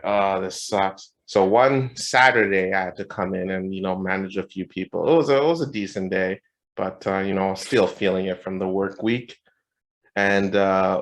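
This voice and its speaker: Profane man telling a work story. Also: sits low. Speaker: podcast co-host. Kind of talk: casual chat.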